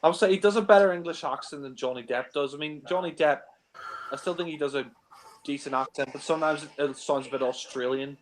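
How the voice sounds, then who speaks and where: A man giving a relaxed, offhand fan film commentary, often trailing off with filler phrases. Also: fairly high pitch, fast talker, background noise. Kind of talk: casual film commentary chat.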